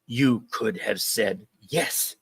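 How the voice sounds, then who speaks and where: An older president, cold and unbending, as a male storyteller puts him on. He speaks in a hushed, measured way with a firm edge. The sound is dry and close, with no room echo. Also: lowish voice, gravelly, slightly rough, full character voice.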